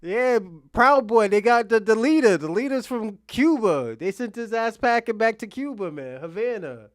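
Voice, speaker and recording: A man's voice: sits high, moderate pace. A man hosting casual commentary on clips, laughing often and swearing freely. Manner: laughing often, profane, animated. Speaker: host.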